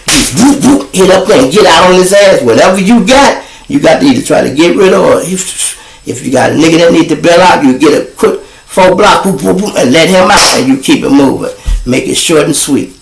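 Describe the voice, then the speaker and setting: Gravelly man telling street stories. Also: medium pitch, echoey room, low-quality recording. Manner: animated, rising to excited shouts when telling a chase story. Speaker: host. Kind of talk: casual street storytelling.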